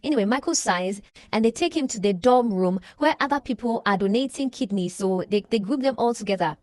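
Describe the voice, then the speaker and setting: Animated young woman recapping a movie. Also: fairly high pitch, brisk, dry recording, studio quality. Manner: animated storyteller, acting out characters' lines. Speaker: movie reaction vlogger. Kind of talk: casual movie recap and reaction.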